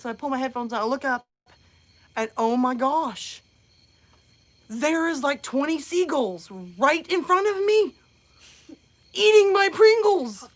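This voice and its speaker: A mother hosting a live show, telling a comic story in a lively, chatty way with lots of fillers. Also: high-pitched. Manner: animated, many "like" fillers, acts out voices.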